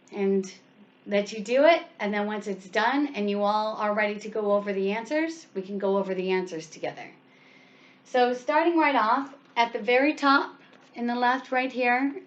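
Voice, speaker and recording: A woman teaching an English grammar lesson, speaking patiently and leaning hard on the words she wants stressed. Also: on the high side. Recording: dull lo-fi sound.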